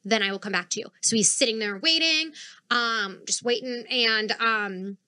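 A woman's voice: a little high, moderate pace, dry recording. A young woman co-hosting a podcast, telling a long story in casual chat, cursing freely and acting out the people she quotes. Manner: animated, swears freely, acts out quoted dialogue. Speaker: podcast co-host.

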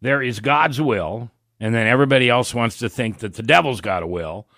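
A man's voice: medium pitch, normal speed, no room sound, clean studio sound. A man hosting a Christian talk radio show, folksy and thinking aloud, with a cough today. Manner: folksy, animated, thinking aloud with many restarts. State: has a cough.

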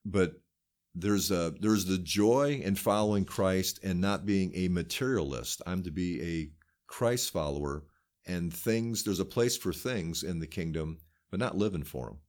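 A man's voice: low voice, unhurried, darkish tone. A man who is a pastor, talking earnestly in a casual faith discussion and quoting scripture as he goes. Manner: earnest, quotes scripture often.

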